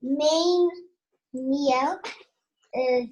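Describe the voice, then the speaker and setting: Shy guest, high and slow, halting menu reading over a call. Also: female voice, darkish tone, a little hiss or hum. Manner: hesitant, with fillers and restarts. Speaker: kid entrepreneur guest.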